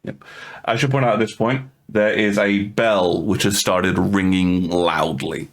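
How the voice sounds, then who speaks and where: A man's voice: low voice, fairly even intonation, a little slow, fairly bright tone. Stammering male game master. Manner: stammering, repeats words. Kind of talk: narrating a tabletop game.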